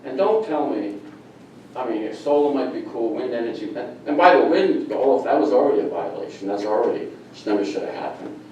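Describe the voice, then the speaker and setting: A middle-aged man at a town meeting, angry and emphatic, returning to the same points again and again. His voice is mellow and dark in tone. He sounds far from the mic in a very echoey room. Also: mid-range voice, lively intonation, fairly quick, dull audio, a little hiss or hum. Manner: angry, emphatic, repeats himself. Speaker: resident speaking at public comment. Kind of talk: public comment at a town meeting.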